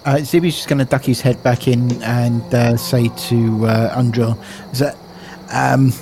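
A man chatting casually as a player in a tabletop role-playing game, relaxed and prone to laughing. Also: mid-range voice, measured pace, a little hiss or hum.

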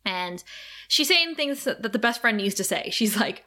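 Bright-voiced woman podcast co-host. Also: on the high side, measured pace. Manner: animated, emotional, laughs often. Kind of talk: casual chat.

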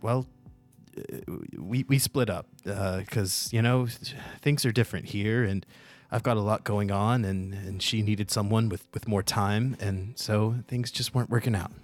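A man's voice: lowish voice, fairly even intonation, soft background music, close to an everyday voice. A man voicing a prim, status-minded gnome mother at a fancy party, talking down to people and restarting his sentences often. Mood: dismissive. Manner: condescending, halting with many restarts.

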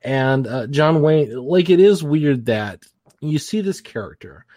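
A man co-hosting a podcast, chatting casually about old films, rambling through lots of fillers and breaking into animated mock impressions. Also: a little high, unhurried, no echo, clean studio sound. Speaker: podcast co-host. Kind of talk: casual film-review chat.

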